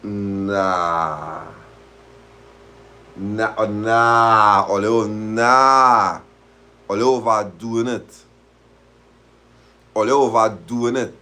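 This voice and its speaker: A man's voice: on the low side, steady tone, extremely slow, pauses often, sharp tone. A man hosting a live stream, reading a story aloud in dialect and reacting to it animatedly. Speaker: host of a live talk stream.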